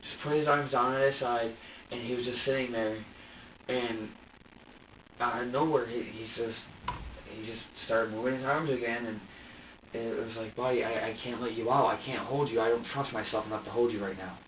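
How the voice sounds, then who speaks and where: A tense, distressed man stumbles over his words, circling back on himself as he recounts what happened. His voice sits at an ordinary middle pitch. It comes through thin and tinny from a distant security mic, with an echoey room around it. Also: steady tone, slight background noise. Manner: halting, stammering, repeats himself. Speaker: interrogation suspect. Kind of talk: recounting events under questioning. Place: police interrogation room. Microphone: distant security camera mic.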